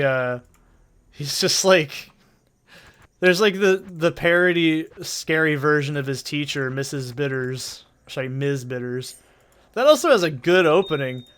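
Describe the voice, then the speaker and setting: A man with a slightly higher voice and a stuffy head cold talks loosely over his gameplay. He rambles and swears freely, padding his sentences with "like". A faint hiss sits under his desk mic. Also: fairly bright tone. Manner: rambling, profane, heavy on "like" fillers. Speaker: gaming channel host. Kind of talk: casual gameplay commentary.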